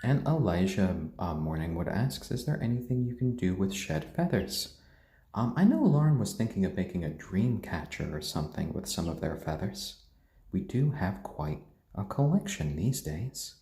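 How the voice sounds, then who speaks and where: A man with a mixed British and American accent, chatting gently on a live stream and cooing to his pets. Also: sits low, big pitch swings, moderate pace, roomy sound. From born in Tokyo, raised British and American. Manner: gentle, soft-spoken, coos at pets. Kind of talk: casual live-stream chat.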